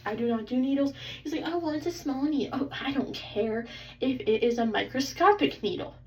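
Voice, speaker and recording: A young woman tells an exasperated, animated story about a doctor's visit, filling her talk with "like". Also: sits high, moderate pace. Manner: animated, exasperated, heavy use of "like". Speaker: vlogger. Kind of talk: casual storytime rant. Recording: slightly distant, dull, faintly noisy.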